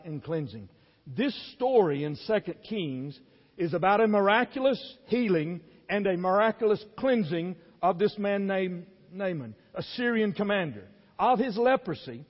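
A preacher with a fairly high voice, reading scripture and acting out its characters in heated bursts before settling quiet to reflect. His voice rings through a church with a long, trailing reverb. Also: muffled recording. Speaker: pastor. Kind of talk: sermon.

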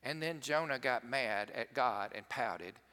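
A male pastor preaches in a folksy, conversational way and often turns to the congregation with asides. His voice is bright and forceful. It rings out through a church sanctuary with a long reverb, as on a service broadcast. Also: medium pitch, unhurried. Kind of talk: sermon. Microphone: worship service broadcast mic.

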